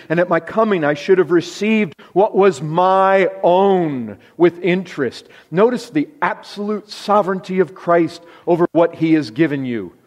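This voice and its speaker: Slow, emphatic preacher in a reverberant hall. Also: male voice. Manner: emphatic, slow and deliberate, drops low for stress. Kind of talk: sermon. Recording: long reverb of a large hall.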